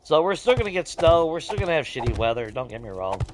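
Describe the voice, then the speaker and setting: A man's voice: a little high, fast talker, noisy background. A man, talking casually while he plays, ranting with heavy swearing. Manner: profane, animated ranting with laughs. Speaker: gaming streamer. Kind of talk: casual ranting chat over gameplay.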